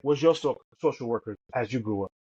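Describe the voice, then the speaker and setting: A middle-aged man co-hosts a podcast, telling stories emphatically in conversation and repeating words as he goes. His voice is medium-pitched, brisk, darkish, and slightly rough. The recording sounds dull and lo-fi.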